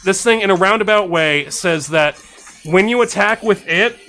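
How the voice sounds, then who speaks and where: Upbeat man on a live stream, bright voice. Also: high voice, faint music behind. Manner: enthusiastic, thanks followers, reads card text quickly. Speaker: streamer reviewing card suggestions. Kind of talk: casual live-stream chat. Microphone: desk microphone.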